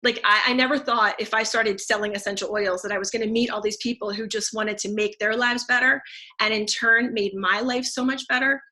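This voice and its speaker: Bright, chatty woman sharing her story. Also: on the high side, steady tone, brisk. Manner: chatty and effusive, many fillers and restarts. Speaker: teacher and essential oils seller. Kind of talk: casual testimonial talk.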